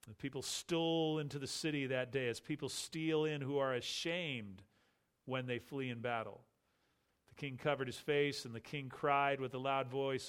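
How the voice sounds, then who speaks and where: Guy reading bible passages out loud then explaining them, slow and serious, gets quieter on the sad bits. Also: mid-range voice, steady tone, clear, resonant tone. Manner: measured, grave, slows and softens on sorrowful passages. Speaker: Bible teacher. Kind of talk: reading scripture aloud and commenting.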